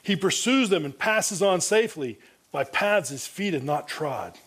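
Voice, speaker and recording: A man's voice: high voice, lively intonation, a little slow, fairly bright tone, breathy edge. A male pastor preaching an expository sermon, reading and comparing Bible translations, often restarting his phrases. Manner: frequent restarts and repeated words.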